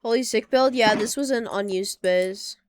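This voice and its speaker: A woman streaming a game, chatting casually and getting excitable, repeating exclamations and humming to herself. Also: medium pitch, normal speed. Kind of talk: casual gaming stream chat.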